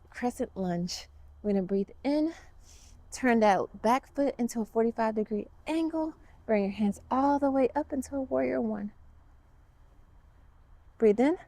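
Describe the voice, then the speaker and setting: A woman's voice: on the high side, a little mellow, dry recording. A woman guiding a kids yoga class, upbeat and encouraging with playful cues.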